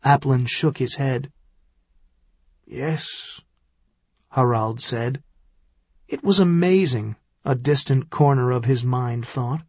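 A man narrating an audiobook in a measured, dramatic storytelling manner. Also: mid-range voice, darkish tone, no echo, muffled recording.

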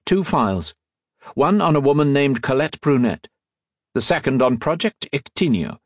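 A man voicing a calm, menacing impostor with a pistol, hoarse and clipped, a little higher than his own voice. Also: moderate pace, no room sound. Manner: clipped, even, threatening.

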